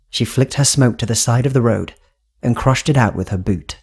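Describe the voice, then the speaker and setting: Male horror-audiobook narrator, husky mid-pitched voice, steady even read. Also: moderate pace. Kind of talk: scripted narration.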